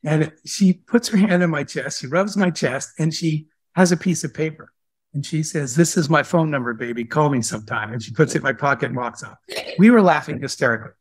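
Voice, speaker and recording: Man, guest speaker, animated storyteller, slightly high voice, dry sound. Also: brisk, slightly rough, dry recording. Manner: animated storyteller who acts out dialogue. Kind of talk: storytelling in a live Q&A talk.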